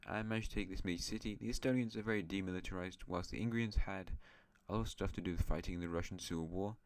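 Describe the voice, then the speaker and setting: A man's voice: sits low, steady tone, fast. A man hosting an alternate-history map series, narrating in a rambling, chatty way with self-mocking asides. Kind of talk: casual map-game commentary.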